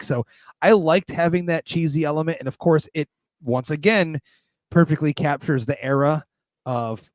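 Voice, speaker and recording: A man's voice: medium pitch, a little mellow, no echo. Enthusiastic male podcast host, dry sound. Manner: enthusiastic, emphatic, quick bursts. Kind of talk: casual film review chat.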